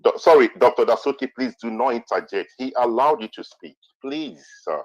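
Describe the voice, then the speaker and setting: A man moderating a heated online debate, repeatedly stepping in and pleading with the speakers to calm down. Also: medium pitch, moderate pace, no room sound. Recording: dull lo-fi online audio.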